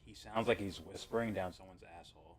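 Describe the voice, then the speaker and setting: A man's voice: low voice, quick pace, heavy background noise. A man co-hosting a casual group chat, blunt and wisecracking. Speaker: co-host.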